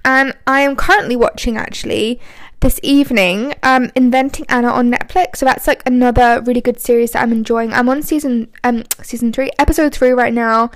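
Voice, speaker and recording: Casual solo podcast host: woman in her twenties, rambling, light on her feet, higher-pitched voice, dry recording. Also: fairly even intonation, fairly quick, no echo. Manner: chatty, rambling, frequent ums.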